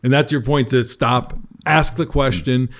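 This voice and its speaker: Male podcast host, mid pitch, conversational sales coach. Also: unhurried, a bit bright. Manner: conversational, restates points for the audience. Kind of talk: coaching review of a recorded sales call.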